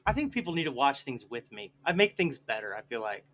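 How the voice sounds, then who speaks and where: Brief: bright, sharp-toned male host, joking through a video call. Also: mid-range voice, sing-song, fairly quick. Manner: playful, self-mocking, laughs often. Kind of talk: casual banter on a livestream.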